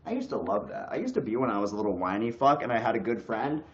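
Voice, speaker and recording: A young man streams a crude, blunt rant, jumping between loud bursts and low mutters. His mid-pitched voice bounces around an echoey room. The sound is dull and lo-fi. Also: very animated, fast. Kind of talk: casual livestream rant.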